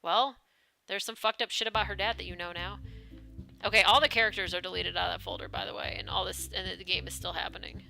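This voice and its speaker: A woman's voice: medium pitch, steady tone, fast, vocal fry, sharp tone, soft background music. A woman streaming a game, chatting casually, reading game text aloud and swearing now and then. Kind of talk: casual live-stream commentary.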